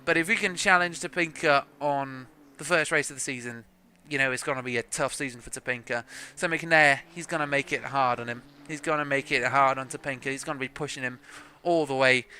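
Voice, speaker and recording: A man's voice: a little high, fairly even intonation, brisk, bright, forceful tone. A young man from South Africa giving live sim racing commentary in a chatty, joking, self-deprecating way. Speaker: race commentator.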